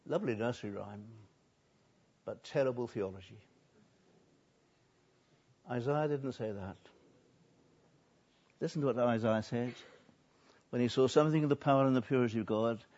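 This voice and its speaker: An older man, a pastor, preaching a sermon, swinging between soft and loud and drawing out words for emphasis. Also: mid-range voice, moderate pace, pauses often. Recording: dull lo-fi recording.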